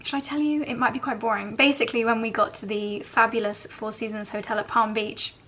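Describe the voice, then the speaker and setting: Woman, 30s, confiding vlog chat, giggly, bright higher voice. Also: fairly even intonation, a little fast. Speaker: fashion vlogger. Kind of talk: chatty vlog to camera.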